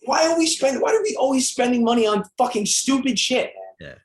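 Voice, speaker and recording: A man's voice: very high-pitched, expressive, fairly quick, roomy sound. A man co-hosting a podcast in casual chat, ranting with opinions and swearing. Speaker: podcast co-host.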